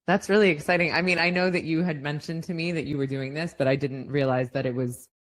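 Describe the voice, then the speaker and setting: A woman's voice: low voice, fairly even intonation, fast talker. A woman hosting a podcast, chatting casually and reflectively with her guest. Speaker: podcast host. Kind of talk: casual interview conversation.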